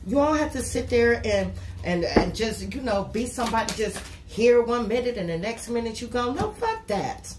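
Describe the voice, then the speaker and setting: Brief: woman tarot reader, casual and profane, a bit higher-pitched, in an echoey room with a steady noise floor. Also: normal speed. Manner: blunt, profane and talkative, with repeated "you know". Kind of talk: casual tarot reading to camera.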